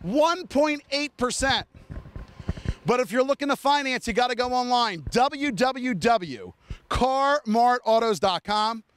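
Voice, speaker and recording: In an outdoor car-lot commercial for TV, the salesman-host speaks with an expressive, clean tone. He reels off the vehicle's features in a fast, eager sales pitch, turning to talk straight to the audience and the cameraman.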